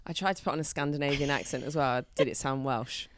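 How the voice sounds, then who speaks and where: Low-voiced woman podcast host. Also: quick pace, a little hiss or hum. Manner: upbeat, friendly questioning. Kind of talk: podcast hosting.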